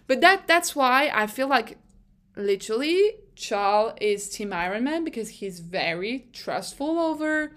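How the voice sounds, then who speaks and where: Animated, opinionated young woman podcaster. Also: a little high. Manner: animated, opinionated, swears freely. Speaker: podcast host. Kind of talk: casual solo podcast monologue.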